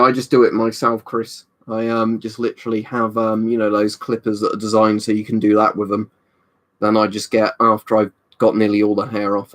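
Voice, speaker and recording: A young man hosting a casual live stream from home, reading viewer comments in a rambling, chatty way, slightly tipsy from a drink. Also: lowish voice. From United Kingdom. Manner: rambling and chatty, with frequent "um" and "you know". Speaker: livestream host. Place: room at home.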